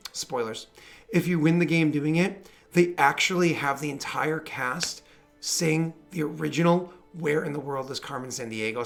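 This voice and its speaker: A man runs a tabletop game on stream. His voice sits a little high for a man. He rambles cheerfully, piling up fillers and asides. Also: vocal fry. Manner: chatty, rambling, lots of fillers and laughter. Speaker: game master. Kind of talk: running a tabletop game on stream, casual banter.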